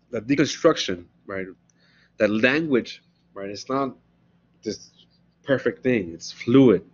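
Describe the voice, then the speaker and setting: A man's voice: fairly low pitch, slightly rough. A man giving a philosophy lecture in a conversational way, often checking in with "right?" as he explains ideas. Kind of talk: recorded classroom lecture. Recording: dull, lo-fi lecture recording.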